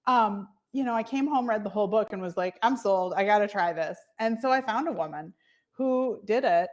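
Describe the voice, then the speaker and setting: A woman working as a fertility coach, chatting as a podcast guest and telling her own story with lively quoted asides. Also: medium pitch, normal speed. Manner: chatty storyteller, animated quoting of others. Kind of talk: casual interview conversation.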